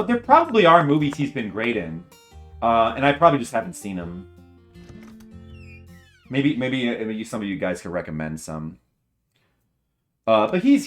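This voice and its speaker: A man streaming a video game, chatting casually and enthusiastically with many fillers and restarts, and faint guitar music behind him. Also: mid-range voice. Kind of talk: casual commentary while playing.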